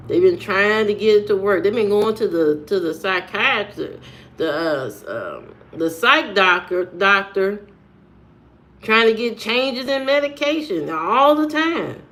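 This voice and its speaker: In a preachy monologue aimed straight at the camera, a woman vlogger speaks bluntly and throws out rhetorical questions. Her voice is mid-range and a bit bright.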